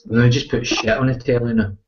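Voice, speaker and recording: A man's voice: medium pitch, level tone, a little fast. A man with a Glasgow accent in a casual online voice chat, giving short, laid-back, agreeable replies. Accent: Scottish, Glasgow. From Scotland. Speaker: voice chat participant. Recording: lo-fi voice chat with loud background noise.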